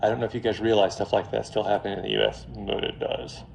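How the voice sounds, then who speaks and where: A man lecturing on finance in a classroom, telling a story in a lively, joking way straight to his students. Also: lowish voice, quick pace, creaky, a little hiss or hum. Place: classroom before a live audience.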